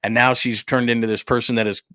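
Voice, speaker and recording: A man hosting a sports talk show, ranting in a rambling, incredulous way and acting out quick quotes. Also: mid-range voice, little pitch movement, bright, forceful tone, clear, resonant tone, no room sound, clean studio sound. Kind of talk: live-stream sports talk, reading supers.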